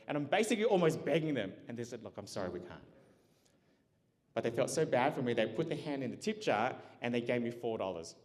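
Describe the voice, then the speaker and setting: Male keynote speaker with a mid-range voice, animated storyteller, recorded with long hall reverb. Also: mid-range voice. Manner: animated, acts out dialogue, laughs often. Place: large event hall.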